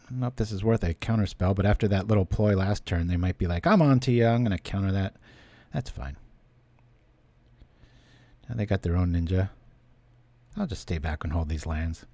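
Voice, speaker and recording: A man's voice: low-pitched, moderate pace, pauses often, mellow, no echo. A man giving casual, chatty commentary while he plays a card game on stream, thinking aloud and thanking viewers.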